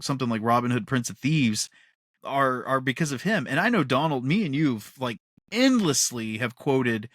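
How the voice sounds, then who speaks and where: Podcast co-host, male, middle-pitched, rambling and excitable, tight dry recording. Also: no room sound. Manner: rambling and enthusiastic, often laughing. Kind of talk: casual podcast chat.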